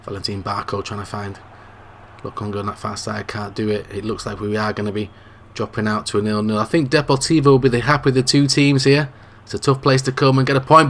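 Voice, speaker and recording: A gaming channel host calls a football video game play by play in a dry, slightly coughy voice, talking fast over a little hiss or hum. He stays mostly low-key but bursts into excited shouts at scoring chances.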